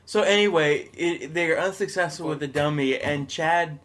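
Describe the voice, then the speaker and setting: Guy with a kinda high voice telling a movie plot, laughs a lot. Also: moderate pace. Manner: laughs easily, animated storytelling. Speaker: podcast co-host. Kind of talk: casual chat recapping a movie.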